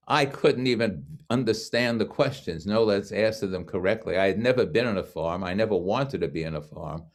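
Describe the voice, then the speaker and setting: A man in his seventies from Brooklyn, with a very deep, low voice. He is a guest speaker telling a personal story in a frank, wry way, full of self-mocking asides. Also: expressive, a little fast, few pauses. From Brooklyn, New York. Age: 70s.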